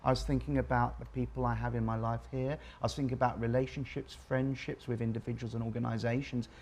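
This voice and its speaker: A man from England in his forties with an English accent. He speaks as a co-host in a relaxed panel chat, and his tone is reflective and thoughtful. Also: medium pitch, quick pace, slight background noise.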